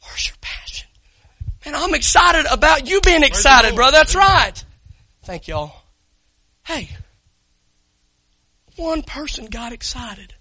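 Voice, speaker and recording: Brief: male preacher, very high voice, storytelling that bursts into shouting. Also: slow pace, pauses often, no echo, low-quality recording. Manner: swings from hushed storytelling to loud excited shouting; talks directly to the congregation, calls people up. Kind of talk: sermon.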